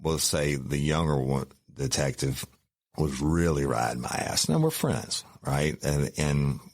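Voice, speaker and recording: Very deep-voiced man telling a story. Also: expressive, a little slow, no echo, studio quality. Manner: profane, folksy, addresses listeners as y'all. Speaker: podcast host, former police officer. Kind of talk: casual storytelling.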